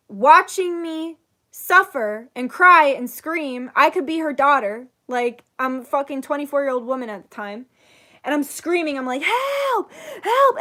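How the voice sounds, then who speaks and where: A young woman in her twenties casually telling a story to her channel, swearing freely and acting out what people said. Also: high voice. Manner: animated, swears freely, acts out quotes. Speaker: channel host, psychic reader.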